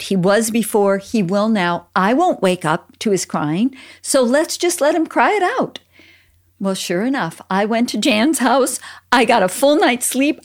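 Gentle, earnest woman telling stories. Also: fairly high pitch. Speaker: podcast co-host, mother. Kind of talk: Christian parenting chat.

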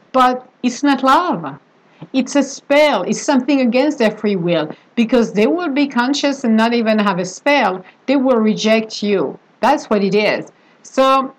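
A woman's voice: a little high, rough recording. A woman talking casually and emphatically about love spells, with chatty asides and a way of speaking English. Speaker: spiritual practitioner giving advice. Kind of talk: casual monologue.

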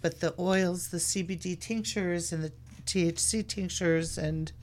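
A woman guest in a casual chat who talks in a relaxed way with frequent hesitations. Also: lowish voice, unhurried. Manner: relaxed, hesitant, many ums.

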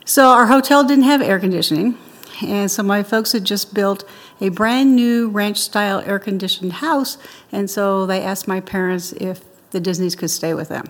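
A woman's voice: mid-range voice, moderate pace, long reverb tail. An older woman being interviewed, telling childhood stories in a chatty way and laughing often. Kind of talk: interview storytelling.

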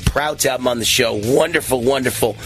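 A man hosting a talk radio show, speaking in an energetic, rambling way that often repeats words. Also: medium pitch, a little fast, soft background music.

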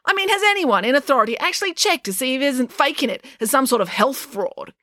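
A woman's voice: sits high, lively intonation, fast talker, sharp tone, no room sound, studio quality, pitched above the performer's own voice. A woman reading a storybook aloud and voicing a rude, defiant teenage schoolgirl with sarcastic, cutting retorts.

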